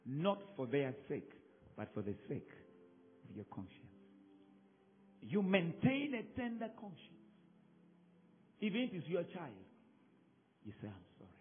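A male pastor, preaching emphatically to his congregation, swinging from loud calls to soft drops. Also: on the high side, sing-song, a little slow, pauses often, faint music behind. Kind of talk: sermon. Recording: phone-like narrow sound.

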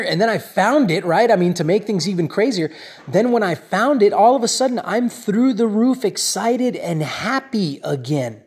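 A man telling a personal story that turns into a lesson, talking in an animated, rambling way and often checking in with "right?" and "you know?". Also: high-pitched, moderate pace, breathy edge. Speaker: speaker addressing his audience.

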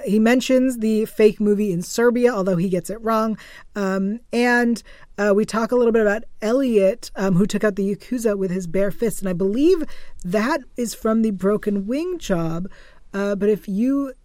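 A woman's voice: mid-range voice, moderate pace, darkish tone, no echo, studio quality. A woman co-hosting an after-show podcast, recapping an episode in a casual, chatty way with frequent fillers and small laughs. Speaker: podcast co-host.

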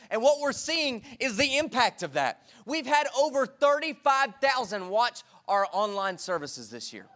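A man preaching a sermon in a church, energetic and repetitive, calling for responses from the congregation. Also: very high voice, normal speed, hardly any pauses. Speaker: pastor. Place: church sanctuary.

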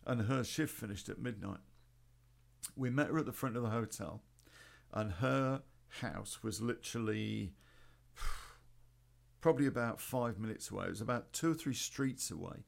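A man's voice: mid-range voice, measured pace, vocal fry, long pauses. A man telling a rambling personal story in a casual, sweary way, full of ums and restarts. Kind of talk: casual spoken anecdote.

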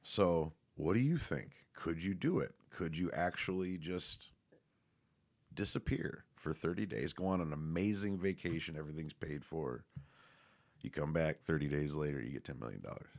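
A man's voice: a bass voice, moderate pace. A man rambling casually and profanely, with lots of fillers, restarts and laughs. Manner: laughs often while talking.

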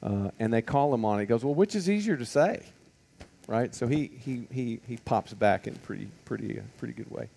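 A man's voice: on the low side, fairly even intonation, fairly quick, gravelly, few pauses, mellow. A man teaching a Bible lesson to a group in a conversational way, asking many rhetorical questions and stopping on fillers.

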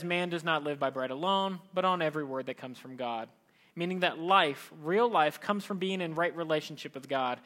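A man preaching a sermon in a conversational, animated way, acting out the voices he quotes. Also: a little high. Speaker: pastor.

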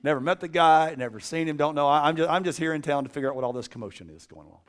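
A man's voice: a little high, very fast, pitched above the performer's own voice, close to an everyday voice. A preacher voicing a flustered male fisherman who nervously and evasively denies knowing his friend. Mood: flustered denial.

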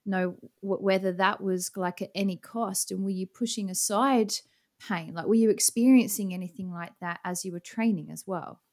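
A woman's voice: mid-range voice, steady tone, normal speed, a little mellow. A woman hosting a podcast, asking thoughtful, probing questions. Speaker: podcast host. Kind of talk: podcast interview.

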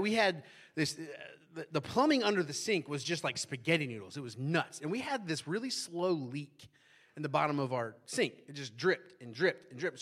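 A man's voice: fairly high pitch, a bit bright. A man preaching a sermon to a congregation, in a conversational way, often asking the audience questions and adding "right?". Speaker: pastor.

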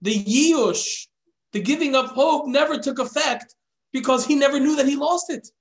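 A man's voice: very high-pitched, moderate pace, voice pushed up. A man as a firm, fatherly old sage. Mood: exhorting. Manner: emphatic, exhorting, fatherly.

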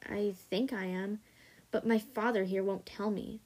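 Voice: mid-range voice, little pitch movement, measured pace, darkish tone. A podcast host reading the lines of a defiant young male hybrid dragon who blurts things out.

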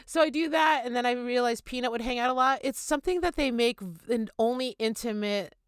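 A woman's voice: fairly high pitch, a little fast, clean tone, no room sound. Chatty woman podcast host, dry mic. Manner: chatty, laughing, imitates crow calls. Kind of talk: casual chat.

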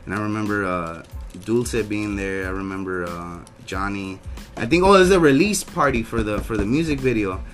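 A man's voice: fairly low pitch, normal speed, a bit bright, soft background music. A young man telling rambling, slang-heavy stories in a casual podcast chat, swearing freely. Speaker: podcast co-host.

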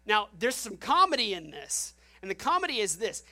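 Woman preacher, middle-aged, chatty animated sermon delivery, mid pitch. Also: normal speed. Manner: lively, conversational preaching with acted quotes and laughs.

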